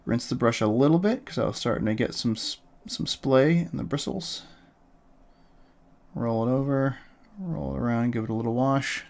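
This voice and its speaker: A man streaming a relaxed miniature painting tutorial, coaching in a soft, calm tone. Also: medium pitch, normal speed, vocal fry.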